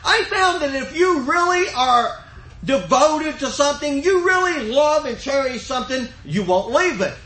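A man's voice: very high-pitched, expressive, moderate pace, bright, forceful tone, reverberant, rough recording. An older man, preaching a sermon in a folksy storytelling way that builds to fervent emphasis.

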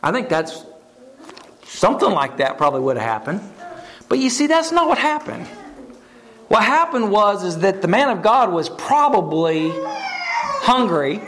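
A man preaches a sermon, retelling a story and stopping to ask his listeners questions. His voice sits very high, and he often repeats words as he goes. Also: big pitch swings, moderate pace, long pauses, a bit bright, slight background noise.

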